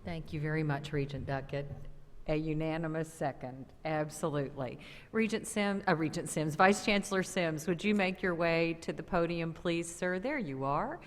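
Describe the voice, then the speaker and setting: A woman serving as board chair, briskly running votes and calling on speakers. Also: low-pitched. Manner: brisk, procedural. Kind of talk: chairing a meeting. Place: board meeting room. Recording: echoey meeting hall.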